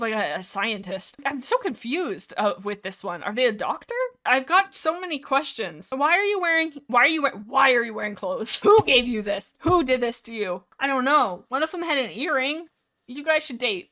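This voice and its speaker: Animated woman with a high voice. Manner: animated, self-mocking, talks to the characters directly. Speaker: YouTuber ranking characters. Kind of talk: casual tier-list commentary.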